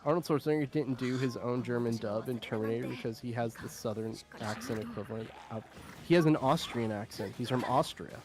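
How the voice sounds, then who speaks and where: A man's voice: medium pitch, fairly quick, over music. A young adult man hosting a stream, talking in a loose, rambling way with lots of filler and frequent laughs. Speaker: streamer host. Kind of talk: casual chat.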